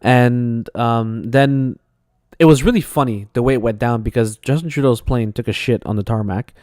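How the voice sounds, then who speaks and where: A man from Canada co-hosting a casual talk show, loose and quick to laugh. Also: mid-range voice, a little mellow, no echo, clean studio sound. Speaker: co-host. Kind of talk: casual chat.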